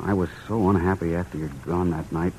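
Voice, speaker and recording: Guy playing a earnest broke young writer, lowish voice, old radio play, hissy dull sound. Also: brisk, darkish tone, close to an everyday voice. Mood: warm. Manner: earnest, pleading. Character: earnest poor young male playwright in love. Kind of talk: 1940s radio drama acting. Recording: lo-fi old radio broadcast with hiss.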